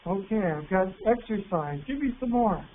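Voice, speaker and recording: A man presenting an online teacher workshop, patient and encouraging, reading words out slowly. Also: high voice, expressive. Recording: tinny phone-like line with faint hiss.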